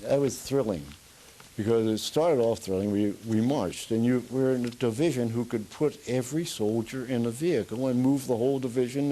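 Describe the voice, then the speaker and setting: A man's voice: medium pitch, dark tone, poor audio. An older man in an oral history interview, a rambling storyteller who chuckles as he goes, with a Pennsylvania Dutch accent. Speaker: veteran being interviewed.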